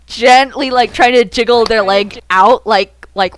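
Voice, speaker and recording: Brief: high-pitched woman running a tabletop game, unhurried, chatty narration. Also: rough recording. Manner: animated, laughing narration with frequent fillers. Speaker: game master.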